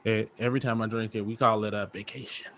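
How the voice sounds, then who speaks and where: A man's voice: on the low side, fairly even intonation, fast, fairly bright tone, muffled recording, a little hiss or hum. A man co-hosting a podcast, talking in a laid-back, rambling way with lots of fillers, recorded outdoors on a back patio at night. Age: young adult to middle-aged father. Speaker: podcast co-host. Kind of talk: casual chat.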